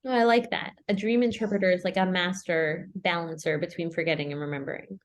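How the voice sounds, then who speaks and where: A woman's voice: lowish voice, fairly even intonation, fast talker. A woman leading a casual Torah study group, chatty and thinking aloud with many "like" and "right?" asides.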